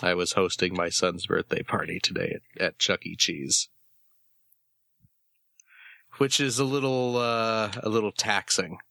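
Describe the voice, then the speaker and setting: Man, tired, slow, bright tone, dry close sound, rambling casual chat. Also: low voice, fairly even intonation, creaky, no room sound. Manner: rambling, joking, repeats words. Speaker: podcast co-host.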